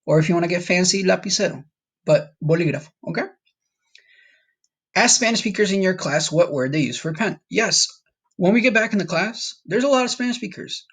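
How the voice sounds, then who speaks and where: A man's voice: sits high, animated, fairly quick, fairly bright tone, slightly rough. A man from Colombia teaching a Spanish vocabulary lesson in a casual, patient way, repeating words for students to practice. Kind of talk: recorded classroom lesson.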